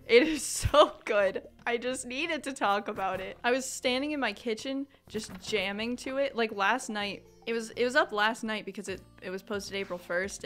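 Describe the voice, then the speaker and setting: Brief: young female gamer, bright tone, dramatic excitable commentary with loud outbursts, desk mic. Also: medium pitch. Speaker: gaming YouTuber. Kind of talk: casual let's-play commentary.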